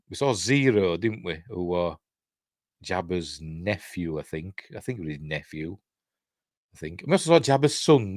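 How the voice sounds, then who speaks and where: Rambling Yorkshire man, low lively voice. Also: no room sound, clean studio sound. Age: middle-aged. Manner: rambling, self-correcting, chuckles at his own jokes. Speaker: host of a live news stream. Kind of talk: casual live-stream commentary.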